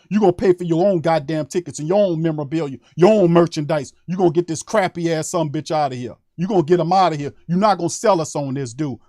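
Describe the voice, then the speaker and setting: A man rants into a close mic on a sports live stream. His voice sits fairly high and sounds dry, with no room echo. He talks in a heated, emphatic, profane way and keeps repeating his points. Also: a little mellow. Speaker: sports podcast host. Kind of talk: fired-up fan rant on a live stream.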